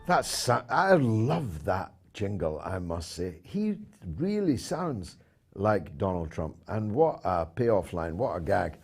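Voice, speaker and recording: A man hosting a talk show, reading out poll results and donations with dry, measured asides. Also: low voice, sing-song, darkish tone, breathy edge.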